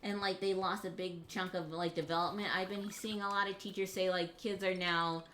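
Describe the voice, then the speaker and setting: A woman's voice: fairly low pitch, flat delivery, moderate pace, fairly bright tone, a little hiss or hum. Rambling young woman, lots of fillers. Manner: rambling, thoughtful, many filler words. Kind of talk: casual chat.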